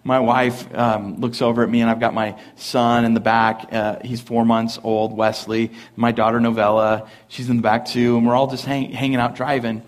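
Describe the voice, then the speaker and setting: A young adult man, a pastor, preaching a sermon at a church service, mixing lively family stories and laughter with earnest points. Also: medium pitch, normal speed, hardly any pauses. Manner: animated, laughing storyteller who then turns earnest. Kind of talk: sermon with humorous storytelling.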